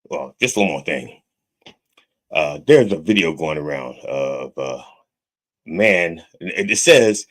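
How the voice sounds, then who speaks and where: A man hosts a podcast in the guise of a reverend, delivering a profane, repetitive comedic rant and tagging his points with "okay?" over and over. His voice rumbles low, sounds animated, and moves slowly.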